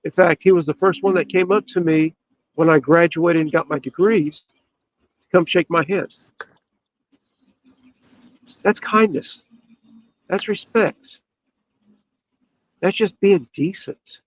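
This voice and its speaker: A man, a podcast guest, telling a story in an earnest, emphatic way with drawn-out pauses. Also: high-pitched, no echo. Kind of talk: storytelling in casual chat. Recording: dull, lo-fi dry sound.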